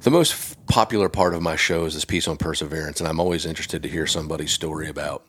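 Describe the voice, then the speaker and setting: A man hosting a casual interview podcast and working as a golf teacher, chatty and quick with short affirmations. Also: a bass voice, a bit bright, husky.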